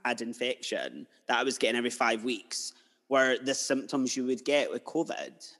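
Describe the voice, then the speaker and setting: A man's voice: medium pitch, steady tone, normal speed, a bit bright. A man hosting a podcast interview, chatty and emotional, drifting into personal stories. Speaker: podcast host. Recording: long hall reverb.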